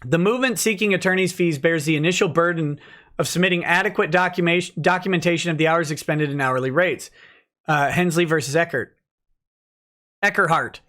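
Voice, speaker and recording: A man in his thirties, a lawyer host reading court filings aloud and commenting, rushing through citations and slowing down hard to stress his points. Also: fairly high pitch, fairly bright tone. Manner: reads citations fast, then slows to stress points; stumbles and self-corrects on case names.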